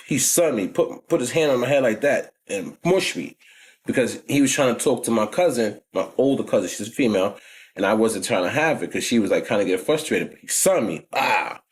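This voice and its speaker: A man in his forties with a New York accent, telling stories from his past in a casual vlog, heavy on street slang and frequent "you know what I'm saying.". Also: mid-range voice. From New York, United States. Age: 40s. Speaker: vlogger. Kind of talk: casual storytelling.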